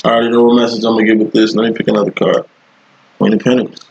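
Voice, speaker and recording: A man's voice: on the low side, little pitch movement, very fast, darkish tone, lo-fi sound. Profane, rambling man reading tarot. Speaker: tarot reader. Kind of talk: casual tarot reading monologue.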